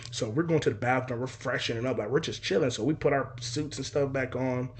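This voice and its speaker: A man's voice: medium pitch, a little fast, slightly rough. A young man casually telling a personal story, swearing freely and acting out other people's voices and sound effects. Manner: animated, profane, acts out voices and sound effects.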